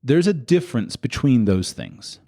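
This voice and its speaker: A man's voice: big pitch swings, normal speed. A man hosting a podcast, talking in an impassioned monologue full of repeated rhetorical questions. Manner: rhetorical, repeated questions with sharp pitch jumps. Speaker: podcast host.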